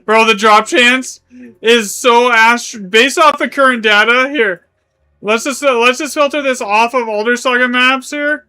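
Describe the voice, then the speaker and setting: High, bright-voiced male streamer. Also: steady tone, a little slow, smooth. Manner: casual, rambling, self-correcting, swears. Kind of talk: live gaming stream chat.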